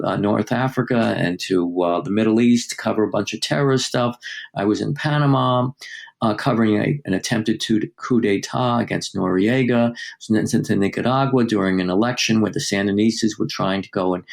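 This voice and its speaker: Older man telling an animated story. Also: on the low side, gravelly. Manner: lively anecdote-telling, acting out quoted dialogue, many fillers. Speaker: journalist guest. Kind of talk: storytelling in a podcast interview.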